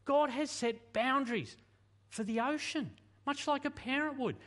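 A man preaching a sermon in an animated, conversational way, full of rhetorical questions. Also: very high voice, measured pace. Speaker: pastor.

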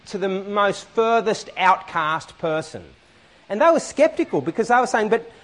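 A man preaching a sermon in a church hall, animated and often asking the congregation questions. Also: high-pitched.

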